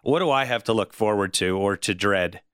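A man's voice: fairly low pitch, moderate pace, fairly bright tone, clear, resonant tone, no room sound, studio quality. A man in his forties hosting an interview, asking questions with curiosity and laughing easily. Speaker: podcast host. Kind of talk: casual interview chat.

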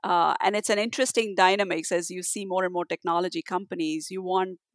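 A woman speaks as an interview guest, thoughtful and halting, often restarting her sentences. Her voice is clear and smooth. The recording is dry and close. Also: lowish voice, fairly even intonation, no echo. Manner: halting, many restarts and fillers. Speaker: guest, tech leader. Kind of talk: conversational interview answer.

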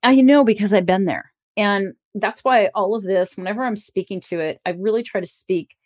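A woman's voice: medium pitch, moderate pace. Candid woman podcast host, casual swearing. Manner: candid, self-disclosing, casually profane. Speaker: podcast host and relationship coach. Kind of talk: casual solo podcast talk.

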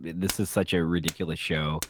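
A man's voice: low voice, fairly even intonation, normal speed, noisy background. A man co-hosting a podcast in casual chat, trading sarcastic quips about the episode. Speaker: podcast co-host.

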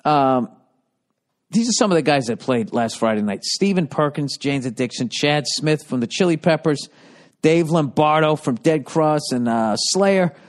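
A man's voice: a little high, expressive, a little slow. Profane ranting middle-aged man. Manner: profane, ranting, self-deprecating. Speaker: comedian and podcast host. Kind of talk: casual monologue.

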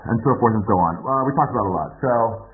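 A man's voice: on the low side, lively intonation, fast, phone-quality sound. Rambling, cursing man hosting a podcast. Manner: rambling, profane and self-mocking. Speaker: podcast host. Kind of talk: casual podcast introduction.

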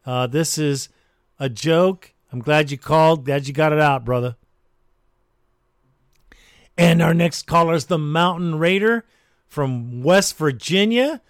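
A man hosting a sports call-in radio show, giving blunt, measured commentary. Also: a little high, dry recording, clean studio sound.

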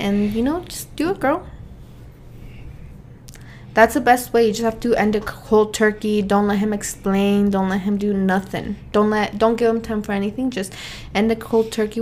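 A young woman co-hosting a casual podcast, blunt and quick to laugh. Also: mid-range voice, fairly even intonation, a little mellow, slight background noise. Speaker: podcast co-host.

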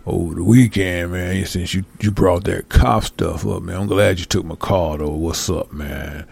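A rambling male caller drawls low and quiet, meandering and over-friendly, as a host puts him on. His gravelly voice trails off into mumbles. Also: unhurried, exaggerated voice. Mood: mumbling.

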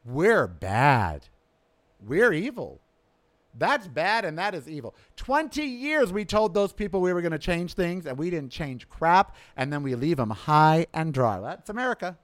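A man hosting his podcast, delivering a sarcastic, ranting political monologue that swings from loud outbursts to low mutters. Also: very animated, measured pace. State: coughing from smoke in throat. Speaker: podcast host. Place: outdoors.

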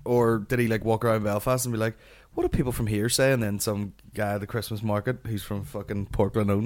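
A man's voice: lowish voice, fairly even intonation, quick pace, few pauses, a little mellow. A man with a Northern Irish accent hosting a comedy podcast, rambling and swearing as he rants. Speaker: podcast host.

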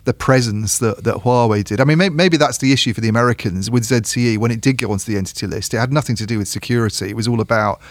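A man's voice: mid-range voice, fast talker, few pauses, no room sound. A man co-hosting a casual podcast discussion about technology, talking things through with lots of restarts and repeated words. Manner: thinking aloud with frequent restarts and repeated words. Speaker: tech journalist co-host.

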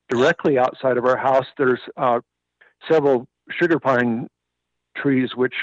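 A man's voice: mid-range voice, no echo. A man telling a personal story as a radio guest, earnest and moved, on dull lo-fi radio audio.

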